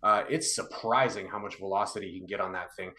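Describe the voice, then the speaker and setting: Low-voiced co-host, analytical and measured, recorded in a roomy echoey space. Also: male voice, steady tone, bright, forceful tone. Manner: analytical, measured, filler-heavy. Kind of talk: casual hockey livestream chat.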